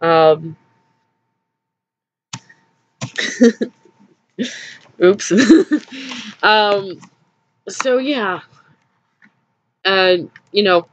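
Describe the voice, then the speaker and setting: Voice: medium pitch, very slow, pauses often, low-quality recording. A vlogger telling a personal story in a rambling, hesitant way, with nervous little laughs, sounding upset and drained.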